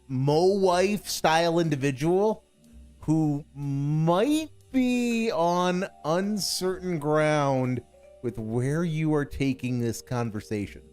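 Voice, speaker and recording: A man's voice: on the high side, darkish tone, smooth. Sarcastic, exasperated male commentator. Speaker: stream commentator. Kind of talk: reaction commentary.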